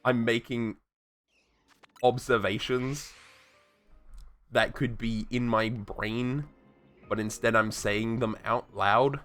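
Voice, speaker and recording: This man speaks in a mid-range, fairly bright voice with fairly even intonation, taking it slowly and pausing often. Sick and sore-throated, he streams a game with rambling, profane, self-talking casual chat while faint music plays in the background.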